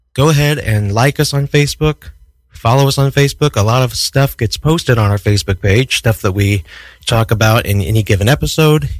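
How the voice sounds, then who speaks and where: A man's voice: medium pitch, no room sound. A man hosting a community radio show from the studio, reading the opening with jokey, mock-dramatic asides.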